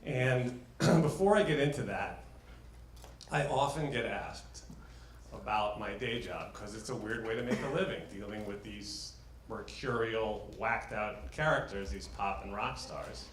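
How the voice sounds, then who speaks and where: A man's voice: lowish voice, measured pace, a little hiss or hum. A man from New York giving a personal storytelling talk with chatty, self-deprecating humor. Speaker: talk speaker. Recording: roomy echo.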